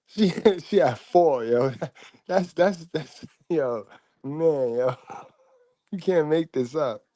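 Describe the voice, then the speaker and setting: A man talks in a loose, joking, slangy way as he reacts to a clip. His voice is dark and mellow. The sound is dry and close, with little room around it. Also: fairly high pitch, slow pace, no room sound. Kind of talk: casual reaction commentary.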